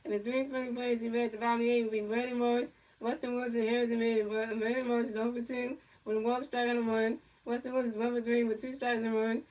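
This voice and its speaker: A woman's voice: a little high, level tone, fast talker, a little mellow, distant mic, poor audio. A woman giving casual, rambling play-by-play of a baseball video game, repeating herself often. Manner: rambling and repetitive, lots of restarts. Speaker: gaming channel host.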